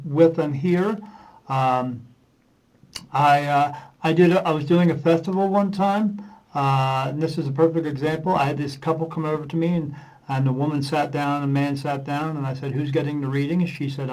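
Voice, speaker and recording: A man with a fairly high voice chats as a podcast guest, spinning loose, rambling anecdotes. He slips into the voices of the people in his stories and fills his pauses with uh. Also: darkish tone, rough recording. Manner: rambling anecdotes, acting out dialogue with many uh fillers. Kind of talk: casual storytelling in a podcast interview.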